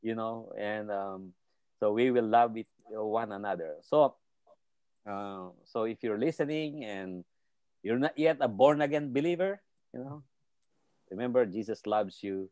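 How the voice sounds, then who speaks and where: A man's voice: on the low side, unhurried, a little mellow, clear, resonant tone, no room sound. A man, a guest pastor, preaching encouragement earnestly over a remote call, with fervent emphasis and frequent restarts.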